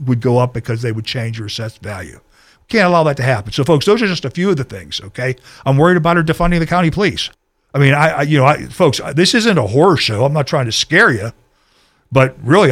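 A man's voice: medium pitch, fairly bright tone. A local party official, a man, speaking passionately to viewers about politics and ranting a little as he goes. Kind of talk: political talk addressing viewers.

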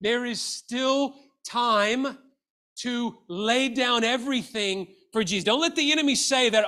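Middle-aged male pastor, high ringing voice, earnest exhortative sermon delivery. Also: a little slow, pushed and bright. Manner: earnest and exhortative, with rhetorical questions.

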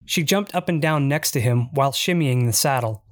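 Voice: mid-range voice, normal speed, no room sound. A narrator reading a first-person memoir in a dry, wry storytelling manner.

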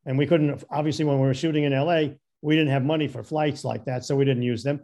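A man chatting casually on a podcast, telling production stories with lively acted-out voices. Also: fairly high pitch, quick pace, few pauses. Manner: animated storyteller who acts out quoted voices.

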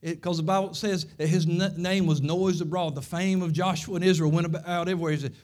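A pastor preaching a sermon, telling stories and driving points home with repeated phrases. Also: male voice, high voice, fairly even intonation, fast, few pauses, a little mellow.

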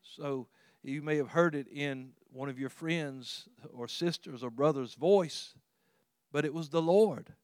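A man preaching a sermon in a conversational, earnest way, with frequent restarts and sudden rises in pitch and volume. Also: measured pace, a little mellow, clear, resonant tone, dry recording, studio quality. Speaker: pastor.

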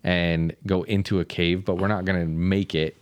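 Lowish voiced guy on a podcast, rambly, lots of likes and ums, dry close sound. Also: level tone, moderate pace, dry recording. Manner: rambling, thinks aloud with many fillers. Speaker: podcast co-host. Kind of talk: casual chat.

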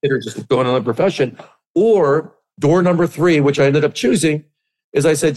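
Animated man telling stories. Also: a little high, normal speed. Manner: animated storyteller, acts out quotes. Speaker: podcast guest, business coach. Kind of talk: casual interview storytelling.

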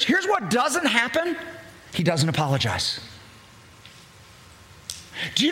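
A man's voice: very high-pitched, wildly swooping pitch, takes it slowly, long pauses, pushed and bright. A middle-aged male pastor preaching a sermon, telling a personal story with frequent restarts and building intensity.

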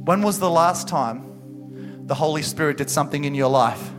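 A young male pastor delivers a sermon in a high, ringing voice. He pleads and exhorts with mounting passion, and music plays clearly underneath him. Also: moderate pace. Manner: passionate, building to loud exhortation. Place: church service.

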